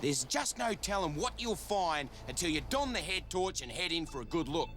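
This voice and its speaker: A man's voice: a little high, very animated, normal speed, fairly bright tone, slight background noise. A man narrating a wildlife documentary in an upbeat, explanatory way.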